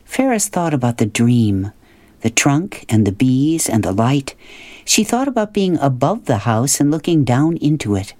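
A man narrates a children's storybook in a gentle, expressive way. His pitch moves in a lively, animated line, and the recording is dry and close with no room sound. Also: measured pace, no room sound. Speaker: audiobook narrator.

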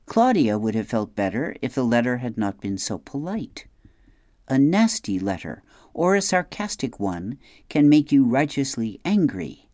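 A woman reading an audiobook in a measured, unhurried narration. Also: rumbling low, very animated, warm tone, dry recording, studio quality.

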